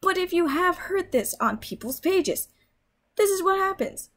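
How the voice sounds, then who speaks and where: A woman's voice: extremely high pitch, animated, measured pace, a bit bright. A young woman vlogger in a heated, swearing rant, scolding her viewers. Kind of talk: angry rant.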